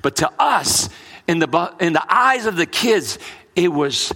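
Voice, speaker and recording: A middle-aged male pastor preaching a sermon, telling stories in a lively way that drops to hushed, slow passages. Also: fairly high pitch, slightly rough.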